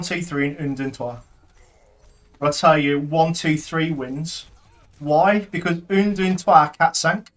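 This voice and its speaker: A man's voice: a little high, steady tone, slow pace, fairly bright tone, soft background music. A man, chatting and joking casually while streaming a game, a father teasing his daughter. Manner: jokey, teasing, rambling. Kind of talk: casual gaming stream chat.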